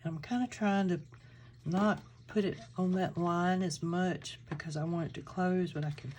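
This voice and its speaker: Her voice is lowish and warm, with a trace of hiss or hum. She's a Georgia crafting channel host with a Southern accent, casually narrating a tutorial and thinking aloud as she crafts.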